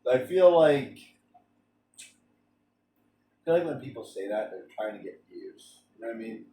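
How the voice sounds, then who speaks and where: A man's voice: mid-range voice, expressive, a little slow, warm tone. Rambling man with a roomy, distant sound. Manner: rambling, with frequent restarts and stammers. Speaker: streamer. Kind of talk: casual rambling chat during a game stream.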